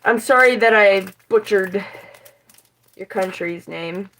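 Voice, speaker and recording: A woman's voice: mid-range voice, slow, a bit bright, slight background noise, poor audio. Young woman with a West Virginian accent streaming from her kitchen. Rambling, profane, talks straight to chat. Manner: rambling, swears freely, chats with viewers. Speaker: livestreamer. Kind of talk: casual livestream chat. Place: home kitchen.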